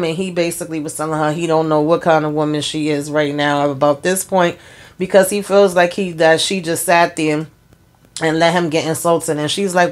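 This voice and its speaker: A woman's voice: low voice, steady tone, normal speed. A woman hosting her own channel, chatting frankly as she recaps a TV episode and gives her opinion, retelling scenes with quoted lines. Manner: drawling informal speech, many fillers. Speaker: TV episode reviewer, channel host.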